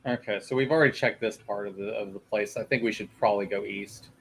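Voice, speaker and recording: A man's voice: lowish voice, fairly even intonation, fast, gravelly, fairly bright tone, a little hiss or hum, rough recording. A man playing a tabletop game over a call, easygoing and thinking aloud with ums. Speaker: player.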